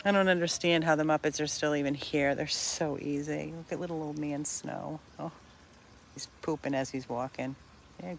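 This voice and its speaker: A middle-aged woman talks about her rescue dogs at an unhurried, leisurely pace. She chats casually and often drifts off mid-sentence, filmed on a handheld phone in an outdoor backyard. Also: low-pitched, slight background noise. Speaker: dog rescue volunteer. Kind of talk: casual vlog chat.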